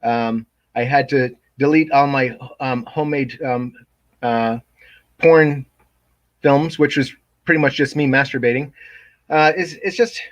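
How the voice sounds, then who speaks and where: Halting, flat-voiced stand-up man. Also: medium pitch. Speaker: stand-up comedian. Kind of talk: improvised stand-up.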